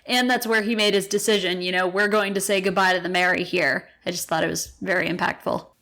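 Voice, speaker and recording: A woman co-hosting a podcast, talking in a relaxed, appreciative way in casual chat. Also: fairly low pitch, fast. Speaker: podcast co-host.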